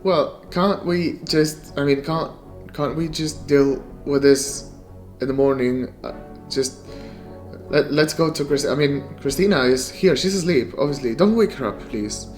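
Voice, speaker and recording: A man playing in a tabletop game, asking halting questions and stammering as he thinks aloud. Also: a little high, a little mellow, faint music behind. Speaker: player.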